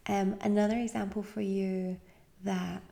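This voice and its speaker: Podcast host, woman from the UK, tired, encouraging, slips into near-whispers, dark gravelly tone. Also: mid-range voice, flat delivery, unhurried. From United Kingdom. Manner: chatty, encouraging, often drops to a soft breathy near-whisper. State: tired, yawning. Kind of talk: casual advice monologue.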